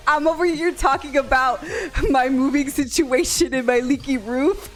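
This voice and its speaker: A woman's voice: sits high, normal speed, soft background music. A young woman streaming from home, chatting casually and often breaking into laughter and playful whining. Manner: giggly, excitable, lots of laughing and whining. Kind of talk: casual live-stream chat. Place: home room.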